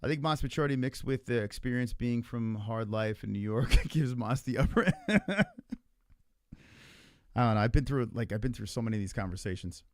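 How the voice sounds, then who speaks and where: Animated, rambling male streamer. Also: medium pitch, normal speed, dry recording, clean studio sound. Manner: profane, rambling, heavy on filler words. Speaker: livestream host. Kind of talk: casual argumentative stream chat.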